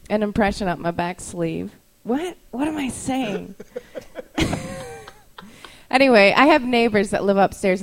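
A woman's voice: medium pitch, vocal fry. A young woman doing stand-up comedy bits, a bit tipsy and laughing through her lines. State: tipsy from whiskey.

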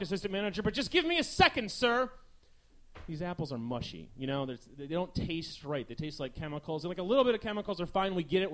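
A man hosting a live comedy talk show, delivering a rambling, sarcastic stand-up monologue. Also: sits high.

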